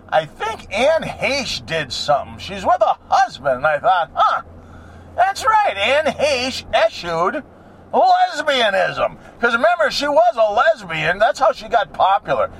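A man's voice: high voice, sing-song, normal speed, a bit bright. A middle-aged man rambling and cracking crude jokes as he talks to the camera while driving his car. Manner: joking, crude, wanders off topic. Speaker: vlogger. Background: faint road noise.

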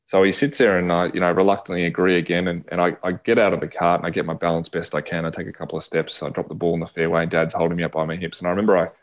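A man's voice: low-pitched, rapid-fire, hardly any pauses. An Australian man, a podcast guest, telling a personal story and acting out the dialogue of the people in it. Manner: lively storyteller who acts out quoted dialogue.

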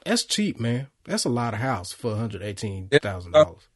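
A man co-hosting a laid-back podcast, trading jokes and laughing often with his friends. His voice sits in an ordinary middle pitch, and he keeps the conversation moving. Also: sing-song, moderate pace, husky. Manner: joking, laughs often, wraps up the show. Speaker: podcast co-host. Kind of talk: casual chat.

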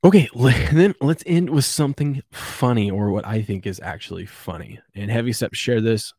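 A man's voice: mid-range voice, moderate pace, a little mellow, husky, dry recording, clean studio sound. A man hosting a casual morning sports show, rambling and chuckling as he reads viewer comments. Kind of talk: casual live sports chat.

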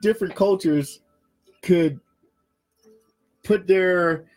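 A man co-hosting a podcast in casual chat, telling stories in an animated way and acting out other people's voices. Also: sits high, very slow, faint music behind, poor audio. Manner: animated storyteller, acts out voices. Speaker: podcast co-host.

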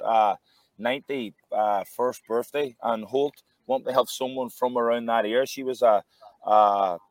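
A man's voice: mid-range voice, dry recording. A man, a former boxer, telling casual anecdotes with lots of restarts. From Ireland. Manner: animated anecdotes with frequent restarts. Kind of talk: casual storytelling.

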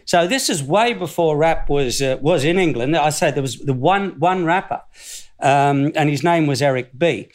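A man's voice: on the high side, animated, normal speed. Older Australian man telling rambling stories. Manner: rambling, self-deprecating, often laughs. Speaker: guest, former footballer. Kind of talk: casual interview storytelling.

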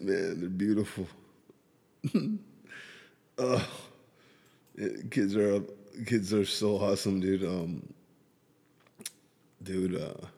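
A man hosts his own podcast, casually rambling through a family story and laughing often. His lowish voice has a darkish tone and a breathy edge, with a big-room sound.

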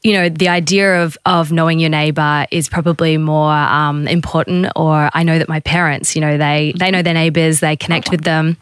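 Low-voiced smooth young woman interviewer. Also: level tone, moderate pace, hardly any pauses, no echo, clean studio sound. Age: young adult. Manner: thoughtful, hedging questions. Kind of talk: interview questions.

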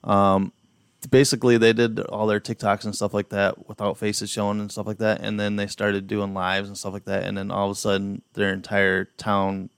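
Gravelly man in crude podcast banter. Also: on the low side, completely flat delivery, normal speed, no room sound, studio quality. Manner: rambling, filler-heavy, joking. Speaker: podcast co-host.

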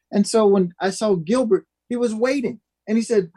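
A man's voice: sits high, a little fast, few pauses, no echo. A man from Minnesota, a guest musician, telling a story in an interview and acting out the voices of the people in it. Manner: animated, acts out quoted voices.

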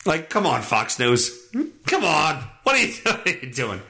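A man hosts a casual solo podcast, with a bright voice that swings widely as he rants sarcastically over the news. He sounds like he is in a roomy, echoey space. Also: big pitch swings, a little slow, gravelly. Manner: sarcastic, ranting, swings up and down in pitch. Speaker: podcast host. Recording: roomy echo.

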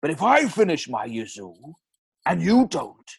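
A man's voice: fairly high pitch, huge pitch swings, a little slow, vocal fry, husky, full character voice. A man doing a Welsh-accented oil baron advert. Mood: mock salesman. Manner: drawling, breaking into laughter, shouting at the climax. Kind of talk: comedic podcast advert sketch.

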